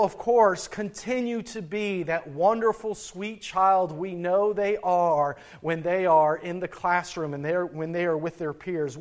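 A middle-aged man, a pastor, preaching a sermon in a folksy, storytelling way and chuckling at his own anecdotes. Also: sits high.

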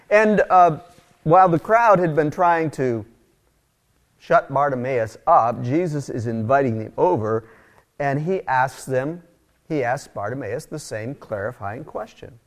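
A man's voice: mid-range voice, a little slow. A middle-aged man preaching a conversational sermon, telling stories with casual asides. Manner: casual, animated, storytelling with asides. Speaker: pastor.

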